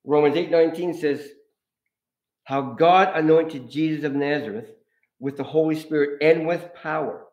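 A man's voice: fairly high pitch, moderate pace, lo-fi sound. A man preaching an informal sermon, telling stories with frequent laughter. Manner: animated, laughs often, storytelling. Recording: echoey room.

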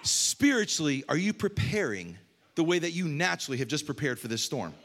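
A man preaching a sermon as a pastor, telling funny stories with sudden loud bursts. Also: fairly quick. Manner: storytelling with humor, animated swings from low to loud.

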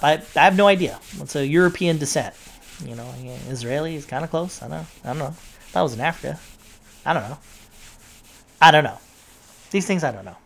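Low-voiced woman, rambling and profane. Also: gravelly, fairly bright tone. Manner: rambling, profane, many fillers and restarts. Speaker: social media poster recounting an argument. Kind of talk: casual storytelling monologue.

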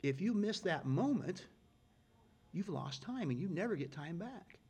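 A middle-aged man telling stories in a casual, folksy way, getting loud and excited at the punchlines. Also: high-pitched, unhurried, slightly rough. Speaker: guest storyteller. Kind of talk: casual storytelling.

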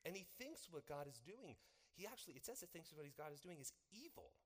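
A pastor delivers a sermon in a church, his pitch swinging widely as he keeps tossing questions out to the congregation. His voice rings through a large hall with a long reverb tail. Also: quick pace. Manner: animated, asks the congregation questions.

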